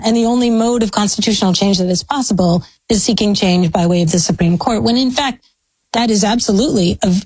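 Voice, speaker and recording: A woman's voice: medium pitch, darkish tone, husky, dry recording, rough recording. An American woman historian giving long, thoughtful, academic answers in an interview. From United States. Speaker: historian, guest. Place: speaking from a law school.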